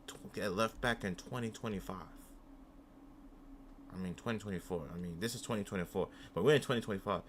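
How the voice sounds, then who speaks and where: A man's voice: fairly low pitch, a little fast, slight background noise. A young man hosting a reaction channel, talking casually in a rambling way, often repeating himself and swearing.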